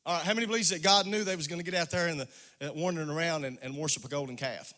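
A man's voice: fairly high pitch, very fast, pushed and bright. A man preaching a call-and-response sermon, calling on the congregation by name, with a sing-song rise in intensity. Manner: calls on congregation members by name. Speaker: pastor.

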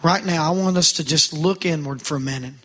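A bright, high-pitched male preacher in the middle of a fervent sermon. He speaks straight to the congregation, asking them questions and pressing them to answer. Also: brisk, breathy edge. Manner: preaching with rising fervor, calls to the congregation.

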